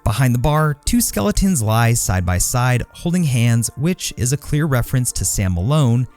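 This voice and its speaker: A man's voice: medium pitch, sing-song, moderate pace, a little mellow. A man reading a scripted video-essay narration in an explanatory, enthusiastic way. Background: background music.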